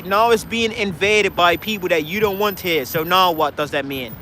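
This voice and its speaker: A man's voice: high voice, normal speed, sharp tone, slight background noise. A man giving a heated, rhetorical street speech outdoors, challenging the crowd. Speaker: street speaker. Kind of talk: impassioned street debate speech. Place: outdoors in a city park.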